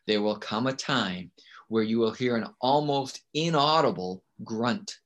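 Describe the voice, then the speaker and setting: A man speaking as a guest on a podcast about teaching. He talks emphatically and keeps checking in with rhetorical questions. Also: medium pitch. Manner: emphatic, often asks rhetorical "right?". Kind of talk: casual interview talk.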